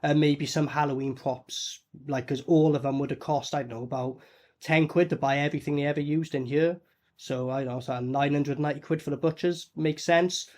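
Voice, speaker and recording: A man reviewing a low-budget horror film in a blunt, sweary, mocking way. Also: fairly even intonation, brisk, darkish tone. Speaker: movie reviewer. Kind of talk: casual reaction commentary.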